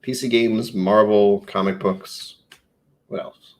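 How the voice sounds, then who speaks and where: A man's voice: fairly low pitch, steady tone, takes it slowly, a little mellow. A man hosting a casual whiskey livestream, rambling and joking at his own expense. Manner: rambling, self-mocking, jokey. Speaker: live streamer.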